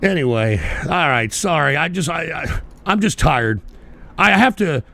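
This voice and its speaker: Gravelly, high-voiced ranting man. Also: lively intonation, unhurried. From United States. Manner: profane, ranting, bursts into shouting; reads viewer chat messages aloud. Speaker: host. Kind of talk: live-streamed political rant show.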